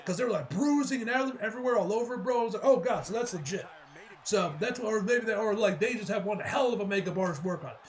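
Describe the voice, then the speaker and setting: A man giving a casual, rambling wrestling show review, excitable and full of fillers and laughs. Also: high voice, fast talker.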